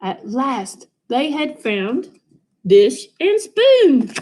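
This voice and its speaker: Picture-book reader: woman, high and animated, sing-song, unhurried. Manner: expressive, sing-song storytelling. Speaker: storybook reader. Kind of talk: children's picture book read-aloud.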